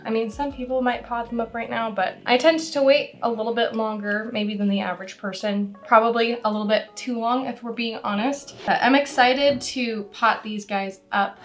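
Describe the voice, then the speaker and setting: A woman's voice: on the high side, steady tone, normal speed, few pauses. A young woman with a slightly congested voice from a cold, chatting casually and rambling a little in a vlog. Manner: chatty, rambling, self-deprecating. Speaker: plant content creator. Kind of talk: casual vlog talk to camera.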